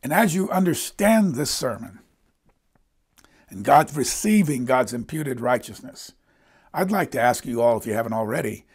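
A middle-aged male pastor preaching with earnest emphasis. His voice has a gravelly, creaky edge and a husky grain. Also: mid-range voice, expressive, normal speed. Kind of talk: sermon.

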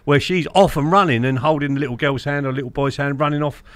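A man's voice: on the high side, quick pace, no echo. A man from Essex hosting a podcast, chatting casually and telling stories about everyday life. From Essex, England. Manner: chatty, anecdotal, agreeable. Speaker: podcast host.

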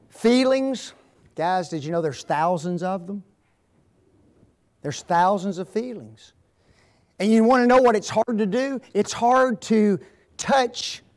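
A man speaking as a guest at a marriage seminar, asking the audience to fill in the blanks. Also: sits high. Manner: asks fill-in-the-blank questions.

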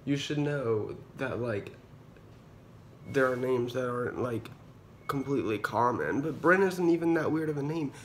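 A man's voice: medium pitch, normal speed, a little hiss or hum. A young man in a hospital room, casually and dramatically complaining into his phone, sweary and full of fillers. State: unwell patient awaiting kidney surgery. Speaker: vlogger. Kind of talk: casual ranting vlog.

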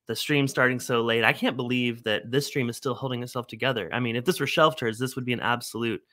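A man's voice: mid-range voice, fairly even intonation, quick pace, bright, forceful tone. A man joining as a guest on a whiskey livestream, teasing and laughing often. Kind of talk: casual livestream chat.

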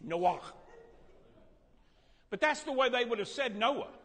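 A man's voice: very high-pitched, fairly quick. A man teaching a Bible lesson to a Sunday school class in a church room, quizzing the class and joking as he goes. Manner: animated, quizzes and jokes with the class. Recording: reverberant room.

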